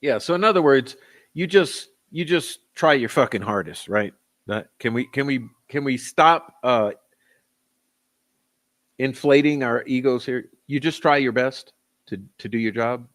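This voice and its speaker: A man's voice: mid-range voice, unhurried, a bit bright. A man giving profane, sarcastic, combative commentary on interview clips during a live stream.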